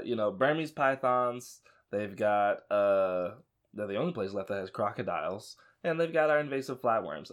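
A man chatting casually as a podcast co-host, his pitch swinging widely as he talks. He rambles, restarts his sentences and laughs easily. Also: fairly bright tone. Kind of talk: casual chat.

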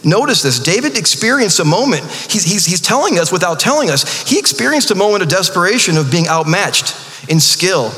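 A man's voice: high voice, big pitch swings, a little fast, sharp tone. Man preaching in a reverberant hall. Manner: conversational preaching with joking asides and many restarts. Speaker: pastor. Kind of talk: sermon. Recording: long reverb of a large hall.

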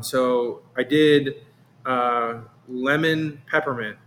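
A man's voice: mid-range voice, fairly even intonation, slow pace, fairly bright tone, slight background noise. A man in casual interview chat as a meadery owner, talking in a rambling way that repeats words and restarts often.

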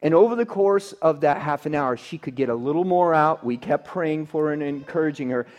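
A man preaching a sermon, telling a story that swings between emphatic outbursts and hushed, quiet passages. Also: a little high, lively intonation, a little fast. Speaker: pastor.

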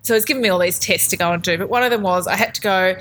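Chatty woman with a husky voice. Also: medium pitch, rapid-fire, a bit bright, poor audio. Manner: chatty storyteller, laughs often, acts out quoted voices. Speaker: podcast co-host. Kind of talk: casual chat.

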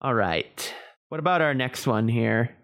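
Casual podcast co-host, male, mid-pitch, rambling with fillers and restarts. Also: animated, measured pace, fairly bright tone. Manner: chatty, hedging with fillers and restarts. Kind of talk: casual chat.

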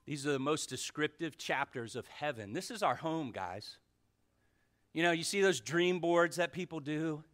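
Fervent high-voiced male pastor preaching. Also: very animated, normal speed. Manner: fervent, swings from shouting to near whispers. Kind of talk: sermon. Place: church sanctuary.

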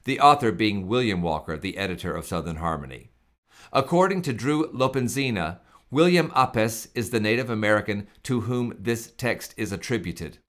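A man giving reflective spoken commentary on old hymns, reading slowly and carefully in a measured way. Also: fairly low pitch, animated, a bit bright. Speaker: hymn presenter.

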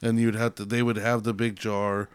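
A man's voice: fairly low pitch, flat delivery, moderate pace, smooth, no echo, studio quality. A man in his thirties telling rambling, crude stories in casual podcast chat, now and then slipping into a mocking twangy redneck voice. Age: 30s. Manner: rambling storyteller, slips into a put-on twangy redneck voice. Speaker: podcast host.

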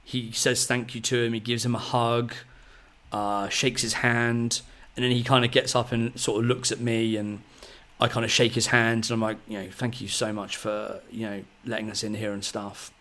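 Male podcast host, 30s, mid pitch, excitable rambling storyteller. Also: normal speed. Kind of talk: casual storytelling chat.

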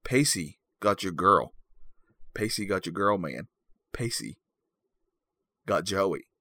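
Guy acting out a scared dude whispering a taunt at a killer, lowish voice, super dry sound. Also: lively intonation, takes it slowly, sharp tone, no echo, full character voice. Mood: hushed taunt. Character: terrified young man taunting a killer.

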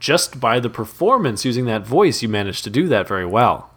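A man's voice: mid-range voice, big pitch swings, brisk, fairly bright tone, slightly rough. A man co-hosting a podcast, talking enthusiastically in a rambling way with frequent restarts. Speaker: podcast co-host. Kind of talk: casual chat.

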